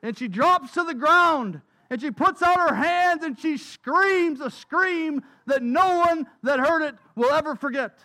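A man's voice: very high voice, lively intonation, measured pace, few pauses, bright, forceful tone. A man preaching a sermon, telling stories emphatically and repeating key phrases. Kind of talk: sermon storytelling.

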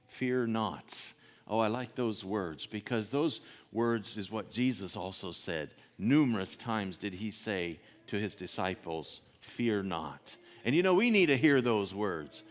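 A man preaching a sermon, reading scripture and then expounding it, with rhetorical questions and soft asides. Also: fairly low pitch, in a large hall.

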